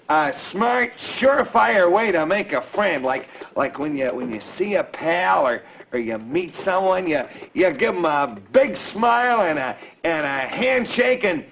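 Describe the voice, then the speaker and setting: A man's voice: high-pitched, a little hiss or hum. A man hosting a 1940s children's television show, hearty and coaxing as he calls out to the kids. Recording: dull old 1940s TV recording.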